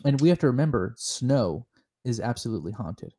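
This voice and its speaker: A man co-hosting a comedic chat show, spinning deadpan, mock-serious theories with lots of halting restarts. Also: medium pitch, slightly rough. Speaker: podcast co-host.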